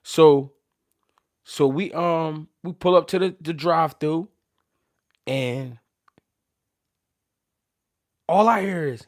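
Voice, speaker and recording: A man's voice: a little high, slow pace, pauses often. Slang-heavy Philly man telling stories. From Philadelphia, USA. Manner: animated, slangy, profane, restarts sentences often. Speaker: show host. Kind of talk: casual storytelling.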